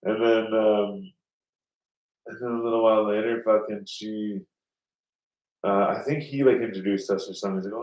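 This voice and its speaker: Man, low voice, casual rambling story, swears a lot, roomy room, off-mic. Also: fairly even intonation, normal speed, pauses often, a little mellow, distant mic. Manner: rambling, swears often, acts out quoted voices. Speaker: podcast host.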